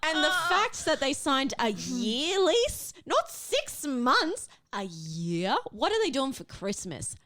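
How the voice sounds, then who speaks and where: A woman's voice: high voice, big pitch swings, unhurried, hardly any pauses, fairly bright tone. A young woman co-hosting a casual chat podcast, blunt and swearing, laughing often. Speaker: podcast co-host.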